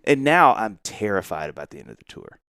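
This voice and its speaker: A man co-hosting a podcast, telling a long story in an animated way, acting out the voices of the people in it and laughing often. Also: fairly low pitch, a little fast, clean tone, dry recording, clean studio sound. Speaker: podcast co-host. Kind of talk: casual storytelling chat.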